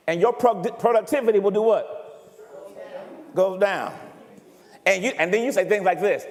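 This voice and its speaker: A man preaching a sermon as pastor, animated and often checking in with the congregation. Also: high-pitched, normal speed, long pauses. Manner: animated preaching, asks the congregation if he makes sense. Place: church sanctuary. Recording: reverberant church hall.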